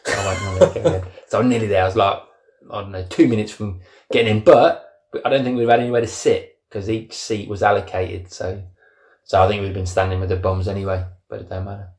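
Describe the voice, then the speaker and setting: Man, lowish voice, animated storyteller, echoey room. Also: a little fast. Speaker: podcast co-host. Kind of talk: casual chat.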